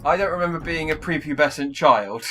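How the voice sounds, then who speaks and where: A man's voice: on the high side, brisk, pushed and bright, soft background music. A man in his thirties co-hosting a let's-play, dry, wordy and self-mocking. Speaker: co-host of a gaming channel. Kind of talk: casual let's-play commentary.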